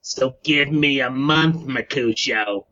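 A man voicing a cocky, sarcastic low-level male crook who talks in mouthy street slang, on a dull lo-fi recording. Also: slow pace, pushed and bright.

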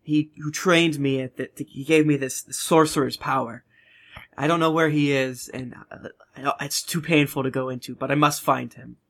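A man's voice: mid-range voice, steady tone, moderate pace, fairly bright tone. A man playing his character in a tabletop game, earnest and playful, often stumbling over his words. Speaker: player. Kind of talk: in-character tabletop role-play.

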